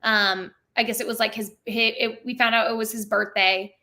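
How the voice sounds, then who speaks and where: A woman's voice: fairly high pitch, steady tone, normal speed, bright, forceful tone. A young woman telling stories in a casual interview as a theme park performer, chatty and full of "like" fillers. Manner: chatty, many "like" fillers, laughs often.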